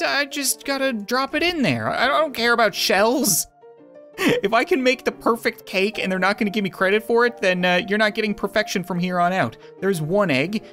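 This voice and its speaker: A woman giving comedic let's-play commentary, swinging between panicked squeals and dry sarcastic calm. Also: medium pitch. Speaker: gaming video host.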